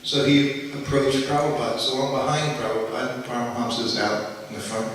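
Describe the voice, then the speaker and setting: A man's voice: mid-range voice, little pitch movement, fairly quick, a bit bright, a little hiss or hum. Rambling man telling stories in an echoey hall. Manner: rambling, lots of "you know", laughs while telling. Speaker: storyteller recounting memories at a festival. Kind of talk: casual anecdotal storytelling to an audience. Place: large indoor festival hall. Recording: roomy hall, voice from far off.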